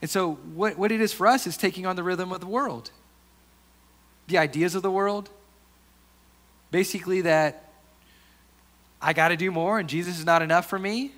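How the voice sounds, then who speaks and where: A pastor preaching a sermon in an earnest, conversational way, often restarting his sentences and dropping to softer asides. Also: high voice, moderate pace, pauses often.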